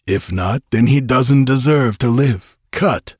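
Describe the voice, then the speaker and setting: A man voicing a ruthless male outlaw chief who speaks calmly and commandingly, in a storybook reading. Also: mid-range voice, slow, husky, no room sound, clean studio sound, voice pushed up. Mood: hard, commanding. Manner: imperturbable, commanding.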